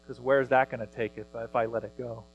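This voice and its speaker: A man in his thirties preaching a sermon as pastor, earnest, rising loud when he reads scripture. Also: medium pitch, flat delivery, brisk, lo-fi sound.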